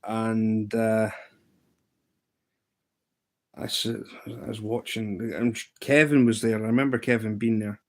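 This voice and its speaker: A Scottish man in his thirties, chatting casually on a livestream and telling a rambling story, with sudden pitch jumps when he mimics other people. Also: level tone, takes it slowly, long pauses, darkish tone. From Scotland. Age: 30s. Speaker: live streamer.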